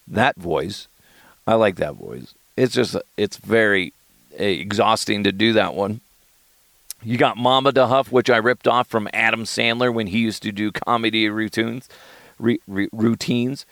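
A man's voice: on the low side, expressive, moderate pace, a bit bright, dry recording. A man hosting a comedy podcast, rambling and self-deprecating with profanity. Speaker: podcast host. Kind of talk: casual comedic podcast chat.

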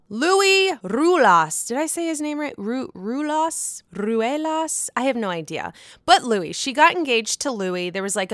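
Excitable, bright-voiced woman gossiping. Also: a little high, clean tone, no room sound, clean studio sound. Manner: excitable, profane, gushing. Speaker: podcast host. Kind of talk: casual gossip chat.

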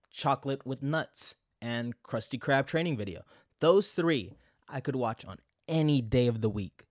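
A man's voice: medium pitch, dry recording. Young male vlogger, casual nostalgic monologue, dry recording. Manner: conversational, many fillers and asides.

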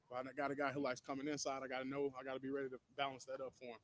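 A man, a football player, explaining his role quickly in an interview clip. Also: medium pitch, monotone. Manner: quick, matter-of-fact explaining.

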